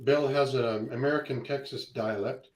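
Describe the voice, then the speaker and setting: A man's voice: medium pitch, fairly even intonation, moderate pace, a crowd in the background, rough recording. A Canadian man with a Canadian accent, teasing and joking in a casual group chat. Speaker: chat participant.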